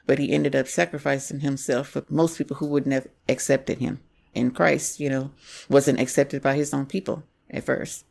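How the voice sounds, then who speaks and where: A man co-hosting a podcast, speaking in a reflective, measured way during a casual movie review chat. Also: on the high side, creaky, darkish tone. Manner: reflective, measured, faith-minded. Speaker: podcast co-host.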